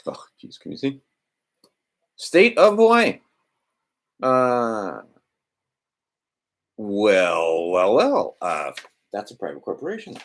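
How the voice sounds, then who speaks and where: A man's voice: fairly low pitch, sing-song, slow, pauses often, a little hiss or hum. A man hosting an informal instructional talk, thinking aloud, trailing off and restarting, and acting out quoted exchanges. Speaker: host of an instructional video.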